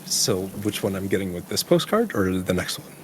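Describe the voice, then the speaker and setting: A man chatting casually on a live stream, laid-back and quick to laugh. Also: deep voice, big pitch swings, slight background noise. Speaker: stream co-host. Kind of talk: casual chat.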